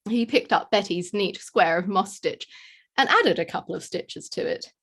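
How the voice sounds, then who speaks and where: Woman narrating a story, lively pitch. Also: moderate pace. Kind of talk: scripted narration.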